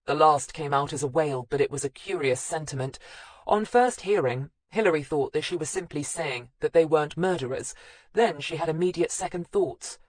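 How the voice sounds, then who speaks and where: A woman narrating a crime audiobook in a measured, even reading. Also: low voice, no echo. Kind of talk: scripted narration.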